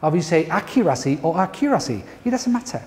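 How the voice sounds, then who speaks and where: Spanish-accented male pronunciation lecturer, mellow, slightly high voice, long hall reverb. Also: sing-song, fast talker. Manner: emphatic, playful lecturing with rhetorical questions. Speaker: pronunciation teacher. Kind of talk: lecture to university teachers.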